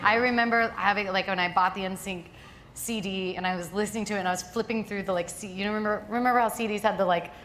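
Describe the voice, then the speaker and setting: A young actress in her twenties answering audience questions casually, rambling and self-deprecating with lots of "like". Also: mid-range voice. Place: auditorium with live audience. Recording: echoey hall with reverb and clear noise.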